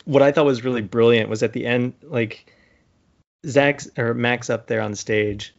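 A man's voice: medium pitch, a little slow, creaky, muffled recording. A man in casual podcast chat, animatedly retelling a TV episode with lots of fillers. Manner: animated retelling with acted-out quotes, many fillers. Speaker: podcast co-host.

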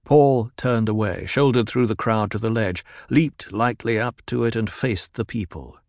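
A man narrates a novel in an even, measured voice of middling pitch. His reading is steady throughout. The recording is dry, with no room echo. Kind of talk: scripted audiobook narration.

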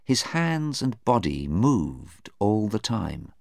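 A man reading a story aloud as narrator, slowly and clearly. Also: no room sound, studio quality. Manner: slow, careful reading with lively pitch. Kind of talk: scripted narration of a graded reader.

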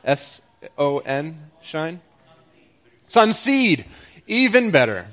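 A man preaching a sermon as a pastor, with an animated, self-deprecating delivery that moves between loud excitement and quiet emphasis. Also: a little high, very slow.

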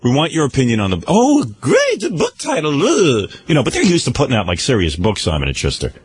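A male radio host recounts a story in a lively, swooping voice, often breaking into laughter. He acts out every quoted person himself. It has the sound of a radio broadcast. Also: medium pitch, fast talker, husky.

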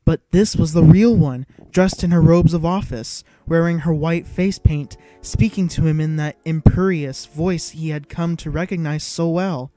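A man narrating an audiobook in a measured, even storytelling manner. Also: a little high, no echo, faint music behind.

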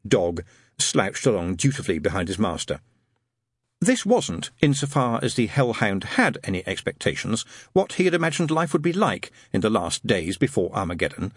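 A man narrating a comic novel as an audiobook, wry and expressive, switching into character voices. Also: lowish voice, moderate pace, slightly rough, no room sound, studio quality.

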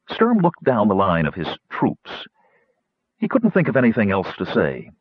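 A man narrating an audiobook in a measured, expressive storytelling manner. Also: fairly low pitch, dry recording. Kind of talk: scripted narration. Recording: dull, dry recording.

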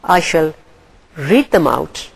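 A woman from Pakistan, an English lecturer reading a story aloud and then going over comprehension questions in a deliberate, expressive way. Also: deep voice, creaky, husky, rough recording.

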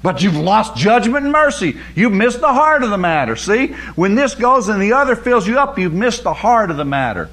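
A man's voice: high-pitched, big pitch swings, normal speed, few pauses, a bit bright. A man teaching a sermon on scripture, emphatic and repeating words for stress. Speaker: Bible teacher.

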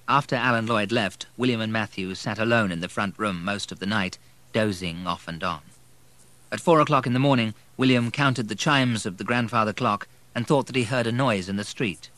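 A man narrating an audiobook in a measured, even manner. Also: on the low side, no echo.

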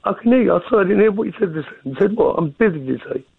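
A man, croaky-voiced, calling in to a radio show and rambling apologetically. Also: high voice, lively intonation, racing, no room sound. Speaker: caller. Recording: tinny phone line.

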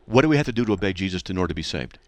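A man's voice: low-pitched, expressive, very fast, no echo. Insistent man hosting a call-in radio show. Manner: insistent, interrupts by repeating the caller's name.

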